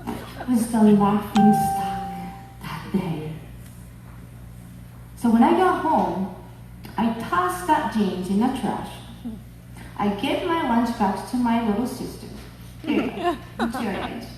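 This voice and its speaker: A woman in her fifties from Japan, speaking English with a Japanese accent, telling a personal story at a conference in a slow, heartfelt, expressive way. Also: mid-range voice, a little hiss or hum. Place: conference hall. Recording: echoey hall, mic at a distance.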